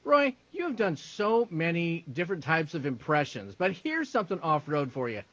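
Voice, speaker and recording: A man's voice: a little high, very animated, moderate pace, a bit bright, dry recording, highs cut off. A male host asking a guest questions eagerly in a casual interview. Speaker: show host.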